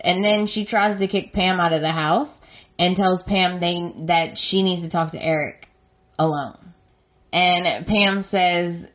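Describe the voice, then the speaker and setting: A woman's voice: fairly low pitch, fairly even intonation, slow, fairly bright tone, highs cut off. A woman podcast host giving a plain retelling of soap opera episodes and reading out the characters' lines.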